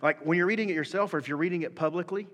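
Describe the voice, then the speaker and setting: A man in his thirties preaching a sermon, animated and swinging from soft talk to shouting. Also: a little high, rapid-fire. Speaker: pastor. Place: church hall. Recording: long hall reverb.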